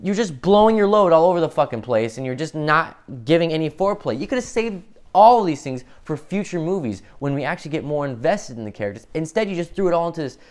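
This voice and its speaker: Animated, profane man ranting about a film. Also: fairly high pitch. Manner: profane, acts out characters in quick impressions; exasperated ranting. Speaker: film reviewer. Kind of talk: casual spoilery film review.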